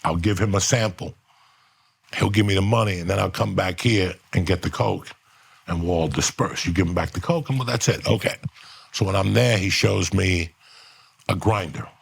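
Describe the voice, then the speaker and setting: A middle-aged man with a very low, gravelly, husky voice tells an animated story on a podcast at normal speed. He swears freely and slips into the voices of the people he's describing, his tone rough throughout.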